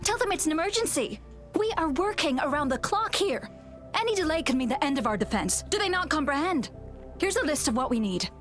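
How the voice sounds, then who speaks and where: An urgent, commanding supply officer with an English accent for a video game. Her voice is high and swings widely in pitch as she hurries everyone along. Soft game music runs behind her. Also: very animated, fairly quick. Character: harried woman supply officer at a battle camp.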